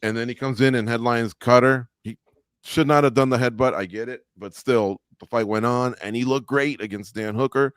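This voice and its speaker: A man's voice: medium pitch, steady tone, moderate pace, clean tone, no echo, studio quality. A man co-hosting a live sports roundtable in casual chat, rambling and reading out viewer comments.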